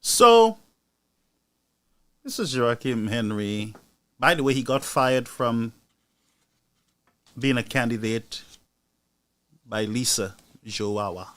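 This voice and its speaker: A man hosting a political commentary show, talking to his audience with indignation and rising into loud outbursts. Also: medium pitch, animated, slow pace, long pauses. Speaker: news commentary host.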